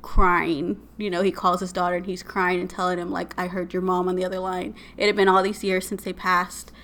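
Woman podcast co-host, bright tone, flat delivery, chatty storyteller. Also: fairly low pitch, fairly quick. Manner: retells eerie stories with many fillers. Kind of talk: casual storytelling chat.

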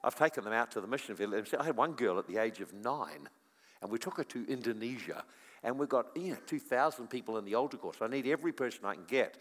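A middle-aged man preaching a sermon, telling stories and swinging from quiet to loud. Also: mid-range voice, animated, fast. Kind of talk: sermon with storytelling. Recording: long echo of a large hall.

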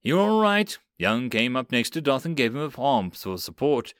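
A male narrator reading a web novel audiobook with an animated, lively delivery. His pitch rises and falls widely, and the recording is dry and close with no room sound. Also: normal speed, dry recording.

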